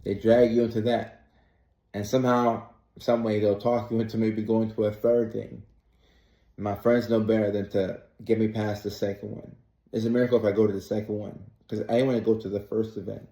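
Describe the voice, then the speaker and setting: A man's voice: fairly low pitch, little pitch movement, brisk, mellow, roomy sound. A man in his thirties talking straight to camera in a casual, storytelling way with comic asides. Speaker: content creator and comedian. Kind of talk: casual direct-to-camera chat.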